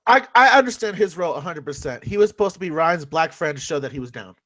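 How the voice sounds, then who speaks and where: A man's voice: fairly high pitch, lively intonation, fast talker, a bit bright, no echo. A man guesting on a casual movie chat, joking brashly and swearing freely.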